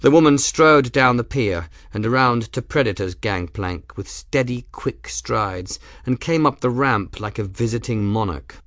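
This is a male audiobook narrator with an even, deliberate storytelling delivery. His voice falls in the mid range, captured in studio quality without any echo.

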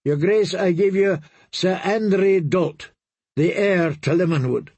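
A man's voice: high voice, measured pace, darkish tone, slightly rough, no echo, pitched above the performer's own voice, heavily acted. A man reading an audiobook, voicing a proud young princess who speaks in a poised, persuasive way.

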